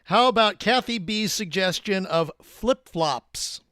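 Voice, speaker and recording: A man reads out audience suggestions for a live improv show in a measured way. He speaks slowly, with a fairly high voice. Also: bright, forceful tone. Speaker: show co-host reading suggestions.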